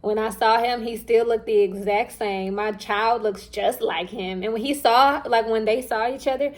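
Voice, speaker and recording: A young woman with a slightly high voice tells a story in easy, informal chat. She is animated, slips into the voices of the people she quotes, and speaks straight to her listeners as if among friends. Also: normal speed, few pauses. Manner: animated, acts out quoted dialogue; chatty and informal, addresses listeners directly. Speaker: vlogger. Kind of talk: casual storytelling.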